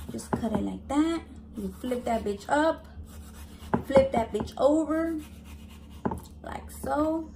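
A high-voiced woman talks through a home cooking vlog, brash and profane, dropping Spanish into her English. The kitchen recording is noisy behind her. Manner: brash, swears constantly, mixes in Spanish. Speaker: cooking vlogger. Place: home kitchen with family around.

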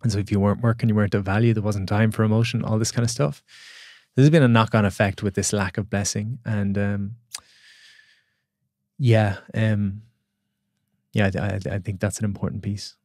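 A man's voice: on the low side, fairly even intonation, moderate pace, long pauses, darkish tone, dry recording, studio quality. Reflective man telling a personal story. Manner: reflective, storytelling, many restarts. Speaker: podcast guest, coach. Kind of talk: casual podcast conversation.

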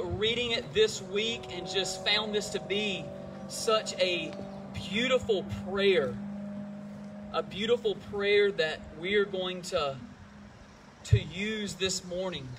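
Pastor, male, high voice, earnest and gentle prayer leader, faint noise in the background. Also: recorded from a distance. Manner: earnest, gentle, repeats words as he goes. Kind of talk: sermon and prayer. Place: church service.

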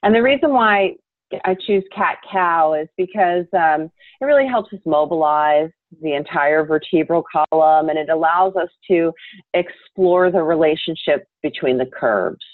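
A woman yoga teacher giving calm, measured, instructive answers in an interview over a remote call. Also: low-pitched, no room sound. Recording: tinny dry call audio.

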